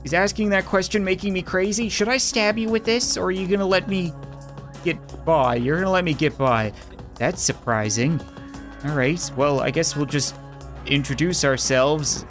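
A man giving joking game commentary as a let's-play host, wisecracking and sarcastic as he talks back to the characters on screen. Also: a little high.

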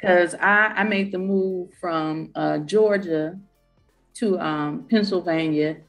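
A woman's voice: on the low side, slow pace. Woman, Southern US accent, emphatic panelist, college professor, faint music behind. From Southern United States. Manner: emphatic, keeps checking in with "right?". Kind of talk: panel discussion.

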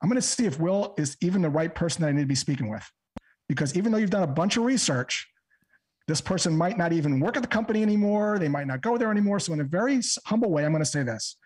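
A man, a sales trainer, calmly explaining and role-playing a cold call step by step on a podcast. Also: a little high. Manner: calm, measured, breaks a method into steps. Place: podcast interview recording.

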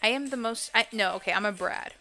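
A woman's voice: mid-range voice, fast talker, bright, forceful tone. A young adult woman chatting casually to viewers on a gaming live stream, swearing freely and blurting out exclamations. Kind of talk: casual live-stream chat while playing. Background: faint music.

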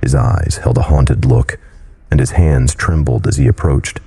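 A man narrating a horror story in a scripted reading style, with a deep, gravelly voice. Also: fairly even intonation, unhurried, warm tone, faint music behind.

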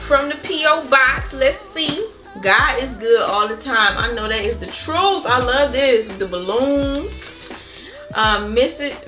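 Young woman, excitable vlog chat, crisp bright tone, fairly high voice, soft music behind. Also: slow pace. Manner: gushing, excitable, Southern US casual speech. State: pregnant. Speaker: family vlogger opening baby shower gifts.

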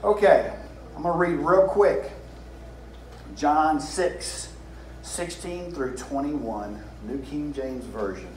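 A man's voice: on the high side, slow. A man in his fifties with a Southern US drawl, preaching an informal sermon and reading scripture. He talks in a folksy way, repeats phrases and asks the room questions. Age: 50s. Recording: echoey room with faint hiss.

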